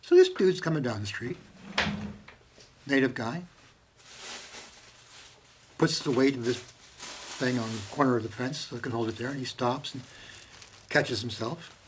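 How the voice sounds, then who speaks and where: A man talking casually to camera at home, impassioned and profane, swinging from loud bursts to hushed whispers. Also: medium pitch, unhurried, long pauses, slight background noise. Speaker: monologuing about strangers and religion. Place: home with maps on the wall. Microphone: handheld camera.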